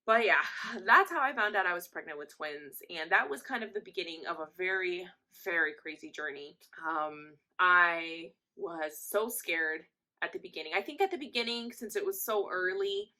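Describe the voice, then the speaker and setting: A woman's voice: on the low side, normal speed. Chatty young woman telling a story. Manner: chatty, animated storytelling that acts out quotes. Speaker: vlogger. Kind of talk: casual storytime.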